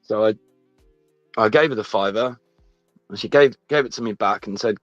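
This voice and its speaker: A man telling a personal story in casual chat, halting and restarting often. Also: fairly low pitch, dry recording. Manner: rambling, halting, many restarts. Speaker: guest. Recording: dull lo-fi sound, faint music behind.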